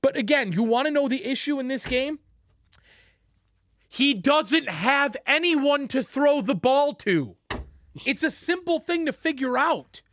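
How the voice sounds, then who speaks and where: A sports podcast co-host rants about football in heated talk, swearing freely and emphatically driving home every point. He's animated and unhurried, his slightly bright voice swinging widely in pitch as he builds and drops. The recording is dry and close.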